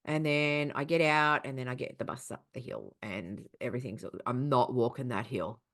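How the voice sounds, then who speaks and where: A woman's voice: extremely low pitch, normal speed, a bit bright. An Australian woman co-hosting a podcast, telling stories in casual chat, swearing freely and laughing often. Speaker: podcast co-host.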